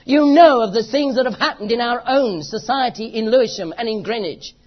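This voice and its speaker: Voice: medium pitch, brisk. A preacher with a British accent delivering an impassioned, emphatic sermon full of repeated phrases. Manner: impassioned, emphatic, repetitive rhetoric. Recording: dull lo-fi recording.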